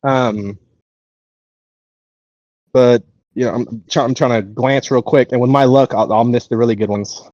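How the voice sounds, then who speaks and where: A man's voice: mid-range voice, steady tone, unhurried, long pauses, darkish tone, no room sound, dull audio. A man answering questions in a casual livestream AMA, rambling through gaming stories with many restarts. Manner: rambling gamer talk with restarts. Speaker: lead tech engineer.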